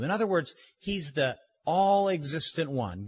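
Slow, emphatic husky male preacher. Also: a little high, lively intonation, a bit bright. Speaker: pastor. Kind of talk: sermon. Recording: dull lo-fi recording.

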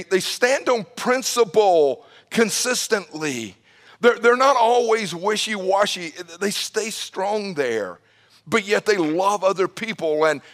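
Emphatic high-voiced preacher, slow delivery. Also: male voice. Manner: emphatic preacher, swings from shouts to soft low asides; repeats words when starting a phrase. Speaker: pastor. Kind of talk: sermon.

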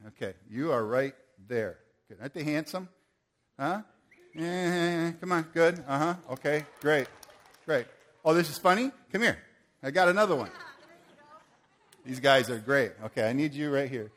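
A man preaching a sermon, swinging from forceful declarations to playful banter with volunteers he calls on stage. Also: mid-range voice. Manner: rises to forceful proclamations, then playful and joking with volunteers. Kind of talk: sermon with live audience demonstration.

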